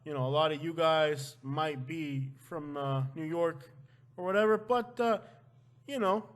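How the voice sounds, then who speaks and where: A man from Florida hosting a casual vlog, talking loosely and breaking into loud joking outbursts at home. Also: a little high, measured pace. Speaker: vlog host. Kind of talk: casual chat. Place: at home with his wife.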